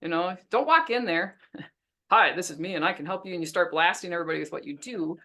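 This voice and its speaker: Woman coaching on a video call webinar, lively and chatty, laughs a lot. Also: on the low side, fast. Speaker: business coach. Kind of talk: webinar teaching.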